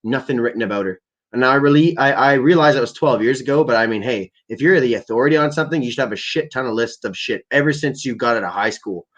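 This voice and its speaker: A man's voice: mid-range voice, fast talker, a bit bright. A young man hosting a livestream, ranting casually with lots of swearing and fillers. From Canada. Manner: rambling, profane, many fillers. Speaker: livestream host. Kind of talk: casual profane rant.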